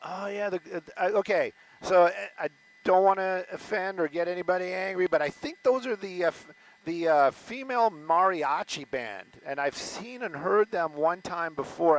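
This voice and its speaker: The audio is poor as a high-voiced man at a moderate pace offers self-interrupting, loosely rambling commentary as a helicopter news reporter circling a stadium, frequently restarting mid-sentence.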